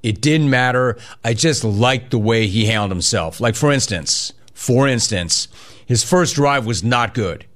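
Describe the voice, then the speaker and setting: Guy hosting sports radio, middle pitch, talks fast in bursts, reads the chat, high energy. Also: animated, fairly bright tone. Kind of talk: casual sports talk radio.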